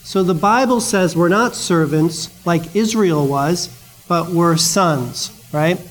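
A man with a notably high voice delivers a sermon in a loose, conversational manner, drifting into stories and quick asides between scripture readings. The recording quality is rough.

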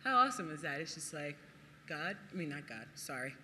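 A preacher giving a sermon and reading scripture aloud. The preacher talks in an animated way, laughs often, and acts out quotes in other voices. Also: medium pitch, fairly quick, in a large hall, slight background noise.

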